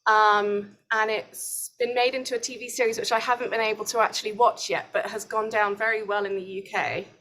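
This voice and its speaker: A British woman in her forties hosts a relaxed online conversation, her voice sitting a little on the high side. She talks in an eager, chatty way, peppering her sentences with little fillers. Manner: chatty and enthusiastic, many fillers. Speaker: host. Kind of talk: casual webinar conversation.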